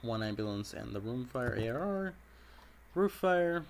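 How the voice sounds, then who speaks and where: Man, mid-pitched and raspy, casual gameplay commentator who keeps clearing his throat. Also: a little slow, a little hiss or hum. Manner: steady, methodical narration of each call. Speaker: game commentator. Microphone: personal desk microphone.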